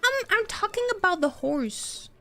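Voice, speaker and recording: A woman streamer talks in a high, bright register, taking her time as she chats over her game. Her talk rambles excitedly, doubling back on itself, and she stops to answer her chat. Quiet game music plays underneath. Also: unhurried. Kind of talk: casual live-stream chat while gaming.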